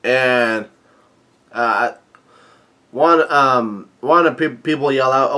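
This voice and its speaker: Reading a manga chapter aloud in a casual way, this man has a plain, mid-pitched voice with a bright, forceful tone. He stumbles and restarts a lot, leaning on "uh" and "um," and adds light commentary between lines of dialogue.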